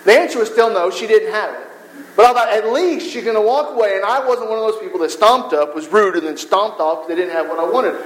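A man preaching a sermon, animated and storytelling, acting out quoted voices. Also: high-pitched, fast, poor audio.

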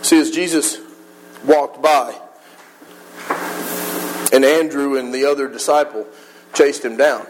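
A man's voice: medium pitch, fairly even intonation, slow, pauses often, background noise. A man preaching a sermon in church, earnest and conversational, acting out little voices as he retells a scene.

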